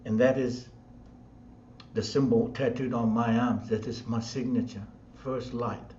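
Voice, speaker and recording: Slow repetitive New man, echoey. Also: medium pitch, steady tone, mellow, a little hiss or hum. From New Zealand. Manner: slow, repetitive, chant-like phrasing. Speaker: spiritual teacher. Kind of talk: spiritual talk. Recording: dull sound in an echoey room.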